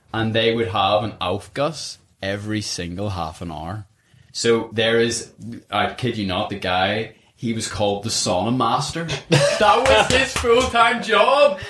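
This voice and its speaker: A man hosting a podcast, chatting casually and telling lively stories with frequent laughter, recorded in a sauna. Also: mid-range voice. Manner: animated storyteller, laughs often. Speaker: podcast host. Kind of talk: casual chat. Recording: echoey sauna room.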